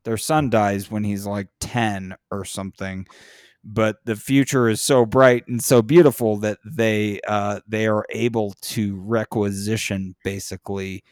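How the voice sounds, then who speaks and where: A man in casual chat who talks in a profane, animated way and gets louder and higher when he is worked up. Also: unhurried, dry recording, studio quality. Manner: profane, animated, rises in pitch when impassioned.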